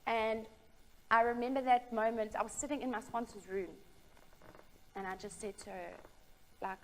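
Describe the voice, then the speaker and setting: A young woman giving a candid, halting personal testimony about her recovery, with frequent fillers and restarts. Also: fairly high pitch, steady tone, slight background noise, poor audio. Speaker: speaker sharing a recovery story.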